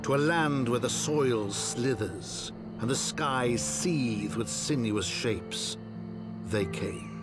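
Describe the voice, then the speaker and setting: A man's voice: mid-range voice, slow pace, over music, close to an everyday voice. A man giving grave, dramatic narration in a game trailer. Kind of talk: scripted narration.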